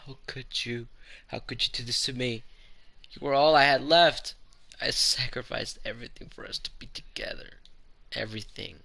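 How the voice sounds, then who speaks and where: A man's voice: normal speed, creaky, sharp tone. A man voicing a heartbroken young woman from a game, pleading and accusing as he reads her lines aloud. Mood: anguished. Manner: pleading, accusing, voice climbing high. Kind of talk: reading game dialogue aloud.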